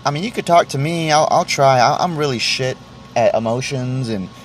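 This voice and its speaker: Podcast host, male, mid-pitch, stumbling rambling vent with heavy swearing, faint air-con hum. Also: moderate pace. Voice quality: stammering, restarts phrases often, swears freely. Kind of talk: solo podcast monologue, venting.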